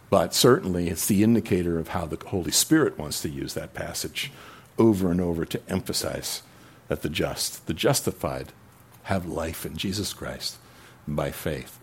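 Husky low-voiced male preacher. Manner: reads scripture aloud with rising emphasis, then explains casually. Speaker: pastor. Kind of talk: sermon.

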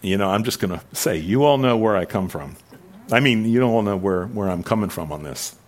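A preaching man, lowish voice. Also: lively intonation, a little fast. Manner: conversational, digressive, rising to emphatic preaching. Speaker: pastor. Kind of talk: sermon.

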